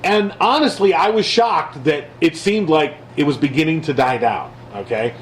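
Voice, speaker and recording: A man's voice: a little high, normal speed, slight background noise, rough recording. A man co-hosting a podcast, talking politics in a casual, sarcastic way and mocking people in a raised voice. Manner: animated, mocking quotes in a raised voice. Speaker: podcast co-host.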